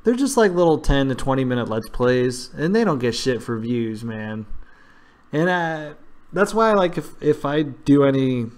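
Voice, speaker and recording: A man hosts a relaxed chat and rambles on in loose slang, often calling his co-host dude. His pitch is middling for a man, and he sounds easygoing and conversational. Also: moderate pace. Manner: chatty, slangy, says dude a lot. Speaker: podcast host. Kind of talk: casual chat.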